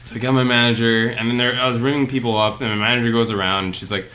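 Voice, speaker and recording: A young man on a podcast recounts a story in loose, casual chat, his voice bright and forward. He rambles animatedly, piling up fillers and starting sentences over. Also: mid-range voice, level tone, racing. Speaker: podcast co-host.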